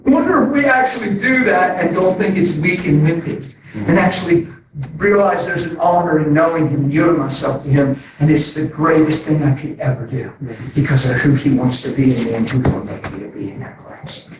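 A man preaching in a very echoey space, heard from some distance off the microphone. His voice sits a bit higher than most men's. He tells stories animatedly and acts out dialogue. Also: a little fast, noisy background. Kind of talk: sermon with storytelling.

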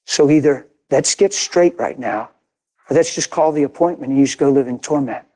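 A man's voice: mid-range voice, normal speed, warm tone. An older man preaching a sermon, telling a story with emphatic, intense repetition. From grew up in a city. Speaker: pastor.

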